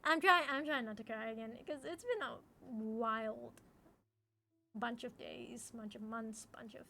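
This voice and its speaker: A woman's voice: a little high, a little slow, gravelly, sharp tone, slight background noise. A young woman streamer chatting casually with her viewers, talkative, often repeating phrases and laughing.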